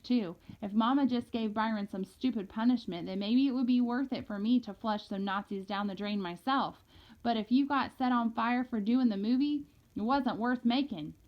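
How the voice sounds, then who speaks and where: Woman reading a first-person novel. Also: a little high. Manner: lively storytelling, a boy's casual voice. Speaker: audiobook reader. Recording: dull lo-fi recording.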